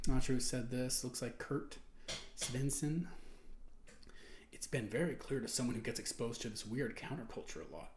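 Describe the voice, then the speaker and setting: A man's voice: medium pitch, fairly even intonation, normal speed, long pauses, a little hiss or hum. Man, indignant rant, rambling restarts, swearing, roomy echoey sound. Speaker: forum member answering his ban. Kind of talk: ranting commentary while reading forum posts aloud. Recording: roomy echo.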